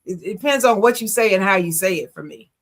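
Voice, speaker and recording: A woman's voice: mid-range voice, lively intonation, fast talker. Woman, podcast co-host, casual and opinionated, chatty with easy laughs. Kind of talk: casual chat.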